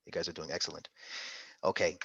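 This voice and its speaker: A man's voice: deep voice, steady tone, quick pace, muffled recording, very noisy. A man tutoring an interactive online medical exam class, upbeat and coaxing, calling on students by name.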